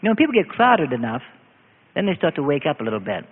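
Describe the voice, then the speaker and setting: An older man preaching a sermon as pastor, swinging from low, quiet asides up to loud, emphatic declarations. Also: sing-song, quick pace, slightly rough. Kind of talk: evening sermon. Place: church hall. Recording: echoey hall, thin phone-like sound.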